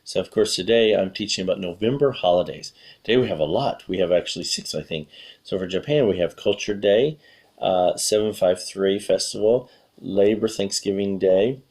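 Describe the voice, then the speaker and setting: Low-voiced man, slightly hoarse. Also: moderate pace, a little mellow. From USA. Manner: rambling, often correcting himself mid-sentence. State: losing his voice, clearing throat. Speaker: English teacher. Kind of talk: casual spoken lesson for learners.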